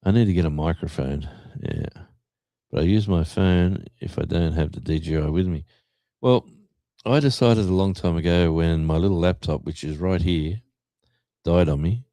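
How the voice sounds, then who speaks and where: With a low, warm voice at a normal pace on a dry recording, this Australian livestream host reads through the live chat. His talk is casual and rambling, full of fillers and false starts.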